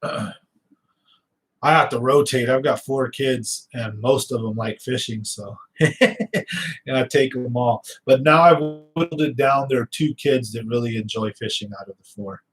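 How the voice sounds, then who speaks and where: A man's voice: mid-range voice, unhurried, husky, rough recording. Rambling man with a slight lisp. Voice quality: slight lisp, sometimes gets stuck on words. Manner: loose storytelling with fillers and restarts. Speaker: fishing channel host. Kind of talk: casual rambling chat.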